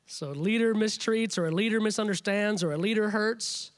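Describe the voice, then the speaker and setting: Emphatic high-voiced male preacher. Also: normal speed. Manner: emphatic, repetitive, building phrases. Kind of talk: sermon.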